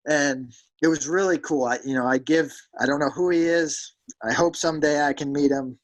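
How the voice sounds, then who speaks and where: A young professional pitcher from South Jersey, USA, is a guest in an interview, telling stories in a casual, animated way. His voice is a little high at a moderate pace, and the recording is rough. He fills his speech with "like" and acts out quotes in a raised voice.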